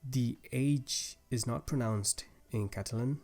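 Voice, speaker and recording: A man's voice: medium pitch, unhurried, darkish tone, soft background music. A young man patiently explaining grammar rules step by step in a language lesson, with small restarts as he goes. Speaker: language teacher.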